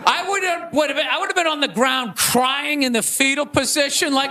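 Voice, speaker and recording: Middle-aged Boston stand-up, shouty mocking ranter, live room with crowd and noise. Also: male voice, very high-pitched, a little fast, hardly any pauses. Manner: animated, shouting, mocking impressions. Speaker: stand-up comedian. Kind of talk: stand-up comedy rant. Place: comedy stage before a live audience. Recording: live stage with crowd laughter.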